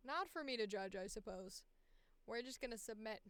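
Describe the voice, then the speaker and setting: A woman's voice: a little high, lively intonation, normal speed, a bit bright, no echo. A woman voice actor casually commenting on her own auditions, candid and profane, with hiccups. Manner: candid, profane, self-deprecating.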